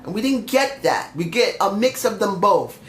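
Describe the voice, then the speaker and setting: A man's voice: high voice, lively intonation, normal speed, fairly bright tone, reverberant. A young man reviewing a wrestling show on his own, ranting bluntly with some swearing while he is feeling sick. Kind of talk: opinionated solo review.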